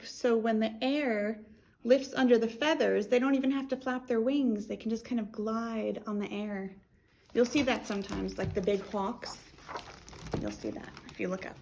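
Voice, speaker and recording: American woman, children's librarian, playful storytime voice, gravelly edge, faint background hiss. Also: fairly high pitch, moderate pace. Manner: animated, playful, with sound effects.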